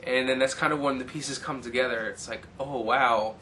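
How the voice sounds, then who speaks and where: Man with a bright, forward tone for a loose, rambling plot recap, with faint hiss behind him. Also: medium pitch, fairly even intonation, fast talker. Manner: rambling, many fillers, briefly mimics characters' lines. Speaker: film recapper. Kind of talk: casual movie plot recap.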